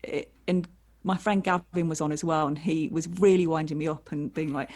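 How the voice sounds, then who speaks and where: A comedian woman telling lively anecdotes on a video call, acting out voices as she goes. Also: low voice, normal speed. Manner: animated storyteller acting out voices. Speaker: comedian guest.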